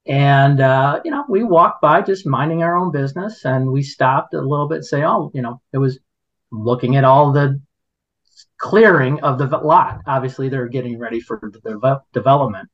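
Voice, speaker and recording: A middle-aged podcast guest tells a story casually at a normal speed and medium pitch, rambling and indignant with many restarts. The podcast audio is dull and lo-fi.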